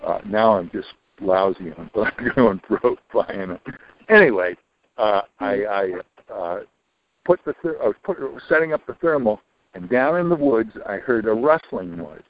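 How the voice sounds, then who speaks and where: Older man with a lively, low voice. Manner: rambling, with many restarts and low muttered asides. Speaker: interviewee. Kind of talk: casual storytelling. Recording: dull lo-fi recording.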